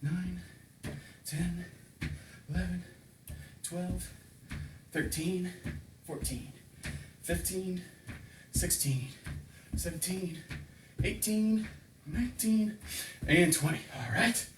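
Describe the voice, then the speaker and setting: Fitness coach counting reps in echoey room. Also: male voice, sits high, drawn-out words, pauses often, noisy background. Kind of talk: home workout instruction. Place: home room with table and couch. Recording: echoey room, distant mic.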